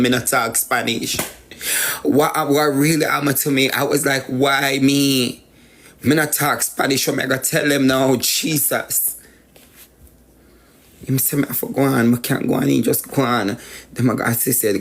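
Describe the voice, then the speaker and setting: A man's voice: medium pitch, creaky, a little hiss or hum. A man with a Jamaican accent tells a personal story as a guest, repeating phrases for emphasis. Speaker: guest sharing life story.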